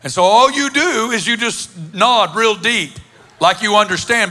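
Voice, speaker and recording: Bright, high-voiced emphatic male preacher. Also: sing-song, moderate pace. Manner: emphatic, builds to passionate lists. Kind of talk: sermon storytelling.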